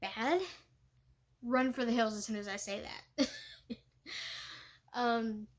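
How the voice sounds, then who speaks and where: A young woman who does living history reenactment chats casually in vlog style, full of fillers and laughter. Her voice is on the high side, with fairly even intonation, and she takes her time.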